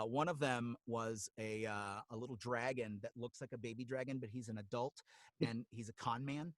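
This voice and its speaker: A man talking as a guest voice actor in a casual interview, with a bright, forward tone. He is animated, gropes for names and slips into character voices mid-sentence, recorded dry and close. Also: medium pitch, no echo.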